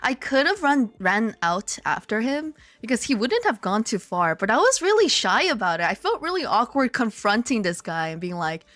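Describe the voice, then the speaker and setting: Animated woman streamer, dry sound. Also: moderate pace, few pauses, dry recording, faint music behind. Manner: animated storytelling, swearing, laughing, jumps to high excited exclamations. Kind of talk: casual chat reading viewer comments. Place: lives in Korea.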